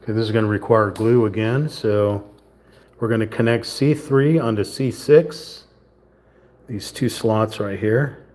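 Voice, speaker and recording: With a lowish, slightly mellow voice and fairly even intonation, a man works through a wooden model kit on a livestream at an unhurried pace. He chats casually and narrates every step to himself, occasionally showing a mild southern lilt.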